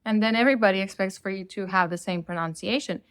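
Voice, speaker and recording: A woman's voice: medium pitch, fast talker, smooth, no room sound. Blunt Latina woman ranting, dry sound. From Latin America. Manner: blunt, opinionated ranting with casual swearing. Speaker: podcast host. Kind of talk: solo rant podcast.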